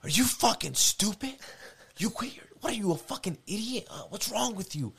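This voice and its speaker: A man voicing his furious grandfather, yelling profane insults high and loud. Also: expressive, moderate pace, creaky, husky, full character voice. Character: enraged older male grandfather, shouting insults.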